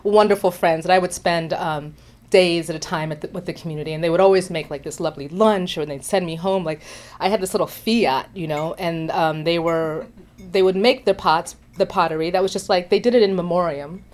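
A woman telling a personal travel story in an animated way, acting out voices and laughing along. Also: on the low side, brisk. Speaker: storyteller sharing a travel memory.

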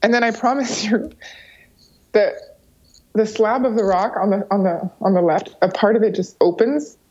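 A young woman recounts a trip in an easy, chatty way. She brings the story alive by putting on other people's voices. The recording has a slightly muffled, lo-fi quality. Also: normal speed. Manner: animated, acts out quoted voices with higher pitch. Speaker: guest storyteller. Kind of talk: casual storytelling. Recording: slightly dull lo-fi sound.

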